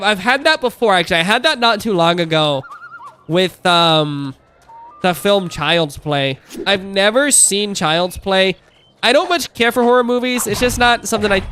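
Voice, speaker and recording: A man's voice: high voice, bright, forceful tone, a little hiss or hum. A man in his thirties chatting casually on a live stream, rambling through asides and laughing often.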